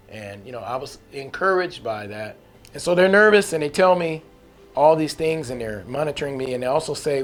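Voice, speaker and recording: A man's voice: mid-range voice, lively intonation, moderate pace, faint music behind. A man giving a personal faith testimony in an earnest, candid, conversational way, with folksy phrasing. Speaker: testimony speaker.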